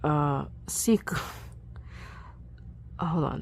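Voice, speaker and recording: Slow, soft-spoken woman practicing aloud. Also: low voice, gravelly, slightly rough. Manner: slow, thinking aloud, self-correcting, soft asides. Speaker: Latin learner recording her practice. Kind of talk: casual self-recorded recitation practice. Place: bedroom at home.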